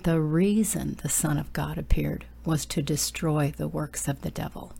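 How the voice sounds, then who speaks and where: A woman's voice: sits low, fairly even intonation, moderate pace, creaky, dark tone, breathy edge. A woman preaching a sermon and leading a prayer, exhorting her listeners and dropping at times into urgent whispers.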